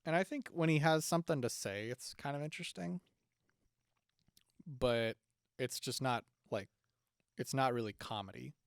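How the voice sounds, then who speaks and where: With a gravelly, clean, medium-pitched voice, a young podcast co-host chats casually at a moderate pace, pausing often. His talk wanders, heavy on fillers and restarts, and the studio-quality audio has no room sound.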